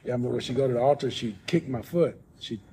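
Soft-spoken man telling a story. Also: mid-range voice, fast, a little hiss or hum. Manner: soft-spoken, rambling with many restarts. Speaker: podcast guest. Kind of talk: casual storytelling.

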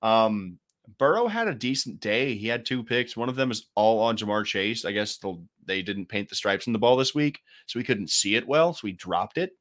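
A man's voice: lowish voice, animated, normal speed, a bit bright. A man co-hosting a casual sports talk show, rambling and joking with lots of fillers and restarts. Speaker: podcast co-host.

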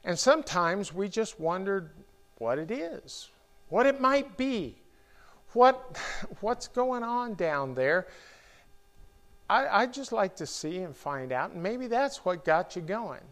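A middle-aged man preaching from the pulpit of a church, his voice sitting a little high for a man. He speaks very slowly and haltingly, stopping to restart his sentences and filling the gaps as he goes. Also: big pitch swings, fairly bright tone. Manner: slow, halting delivery with repeated restarts and fillers. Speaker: pastor. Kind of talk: sermon.

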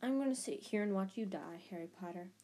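A woman reading an audiobook and voicing a cold, gloating young male dark wizard in a low, quiet, taunting tone. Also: fast, close to an everyday voice.

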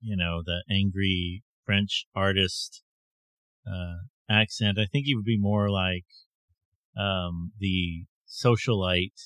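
Laid-back low-voiced man co-host. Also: fairly even intonation, fairly bright tone, no room sound. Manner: laid-back, joking, halting. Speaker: podcast co-host. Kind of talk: casual chat.

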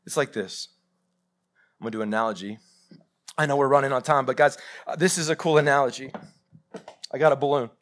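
A pastor delivers a live sermon in a church sanctuary, addressing his congregation directly and telling stories with animation. His mid-range voice moves briskly but leaves long pauses.

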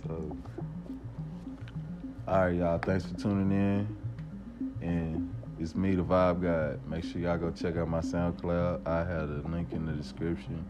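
A man's voice: deep voice, flat delivery, unhurried, long pauses. A man hosting his own show, talking in a casual, rambling way, full of "like" and "y'all". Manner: loose, filler-heavy, says "like" and "y'all" often. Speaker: podcast host. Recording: dull lo-fi audio with loud music behind.

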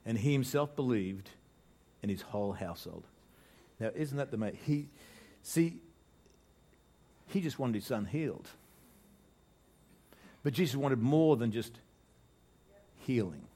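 Animated Australian pastor preaching. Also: male voice, mid-range voice, a little slow, long pauses. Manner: animated preaching with jokes and frequent restarts, voice swelling for emphasis. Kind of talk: sermon.

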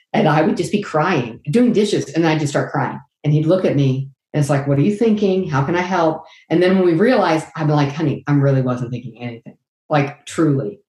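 A middle-aged woman with a low-pitched voice speaks earnestly and candidly as an interview guest. She acts out lively quotes as she talks. Her voice rings in an echoey room. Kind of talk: faith-based interview answer.

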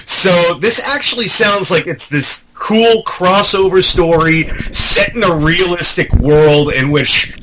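A man co-hosting a casual podcast, rambling through game news with lots of uh's and restarts. His voice sits a bit high and sounds bright. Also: slight background noise, low-quality recording. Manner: rambling, halting with many fillers, acts out quotes. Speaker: podcast co-host. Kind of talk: casual chat about game trailers.

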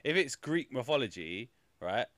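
A man hosting a film review podcast, talking in an animated, exasperated way and swearing often. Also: medium pitch, moderate pace, no echo, clean studio sound. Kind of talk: casual chat.

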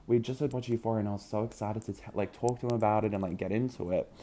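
An Australian man in his early 20s tells a dating story with plenty of drama, gossip and swearing. His voice is fairly low and dark, with a steady tone and a quick pace, in a casual gossipy chat.

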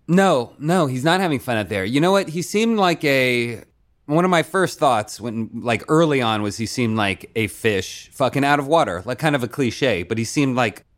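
A man co-hosting a podcast, chatting casually in a profane, animated way and laughing often. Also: mid-range voice. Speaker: podcast co-host. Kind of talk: casual comedic chat.

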